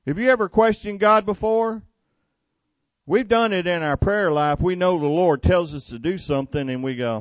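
A man's voice: sits high, very animated, moderate pace, dry recording, dull audio. A man preaching a sermon in a folksy, conversational way, retelling scripture and making plain asides.

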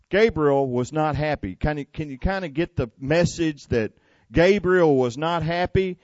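A man's voice: fairly high pitch, a little slow, a little mellow, no room sound, dull audio. A man preaching a sermon in a folksy, conversational way, retelling scripture and making plain asides.

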